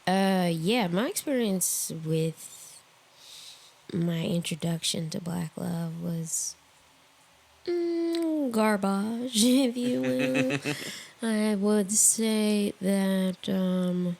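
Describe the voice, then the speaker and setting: A woman's voice: medium pitch, extremely slow, vocal fry, darkish tone. A woman co-hosting a podcast in casual chat, joking, blunt and laughing often. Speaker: podcast co-host.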